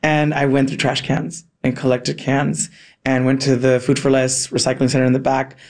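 A man from California telling a childhood story in a casual conversation, animated and full of "like", slipping in Spanish words and acting out the people in it. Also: medium pitch, normal speed. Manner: animated, acts out voices in his anecdotes, many "like" fillers; drops in Spanish words and phrases.

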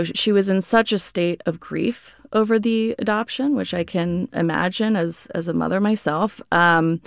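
A woman's voice: fairly low pitch, creaky, smooth, dry recording. A woman who is an author, guest on a radio interview, explaining thoughtfully with some fillers.

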